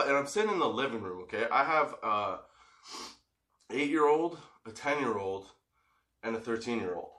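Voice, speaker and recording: Bright-voiced man swearing through a laughing story. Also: mid-range voice, lively intonation, a little slow, pauses often. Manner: profane, laughing, rambling storyteller. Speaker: father telling a story. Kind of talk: casual storytelling vlog. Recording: echoey room.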